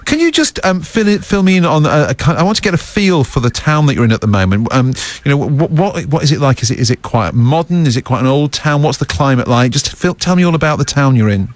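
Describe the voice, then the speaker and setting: A man's voice: mid-range voice, animated, fast talker, hardly any pauses, no echo. Friendly male radio host. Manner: friendly, warmly encouraging, stumbling starts. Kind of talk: radio interview. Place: radio studio.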